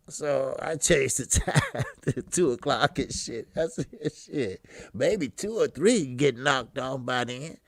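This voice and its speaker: Gravelly, profane man calling a fight. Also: medium pitch, slow, no room sound. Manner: profane, loose street-talk, laughs at himself; loud excited blow-by-blow when action starts. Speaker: boxing commentator. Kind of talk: casual live fight commentary.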